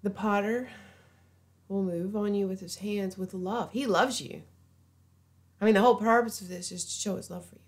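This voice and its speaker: A woman giving an informal sermon, earnest and pleading, often dropping to a hushed voice. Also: mid-range voice, steady tone, moderate pace, pauses often. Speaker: preacher.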